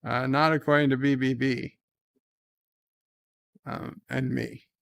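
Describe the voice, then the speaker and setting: A man with a slow, unhurried delivery and a gravelly edge to his voice. His tone stays smooth and clear as he answers viewer letters in a wry, deadpan way. This is a casual home live stream. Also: mid-range voice. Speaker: vlog host reading viewer letters. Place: home, indoors.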